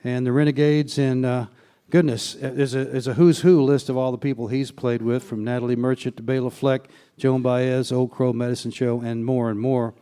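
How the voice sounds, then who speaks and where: A man's voice: mid-range voice, level tone, normal speed, dark tone, clear, resonant tone. A man hosting a live radio music show, introducing bands in an easygoing, folksy way. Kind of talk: live stage show announcing. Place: theater stage with live audience.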